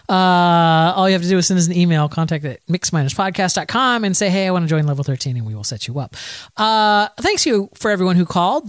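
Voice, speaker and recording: Rambling, lively man hosting a podcast. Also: high voice, dry recording. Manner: rambling, laughs often, many fillers. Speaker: podcast host. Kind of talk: casual podcast chat.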